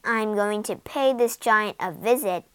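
A woman's voice: mid-range voice, unhurried, smooth, no echo, natural voice. A woman voicing a brave, hungry young boy who exclaims his lines in a storybook. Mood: determined. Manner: eager, exclaiming.

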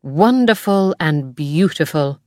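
A woman's voice: low-pitched, animated, slow, darkish tone, dry recording, clean studio sound. A woman voicing a friendly young aunt who teaches, in a storybook reading. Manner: friendly and eager.

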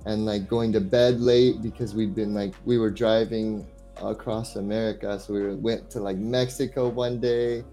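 A man's voice: on the low side, level tone, moderate pace, few pauses, mellow, faint music behind. A young man, a guest English tutor, chatting casually and telling stories in a rambling way, full of "like". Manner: rambling storytelling, filled with "like". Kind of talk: casual chat.

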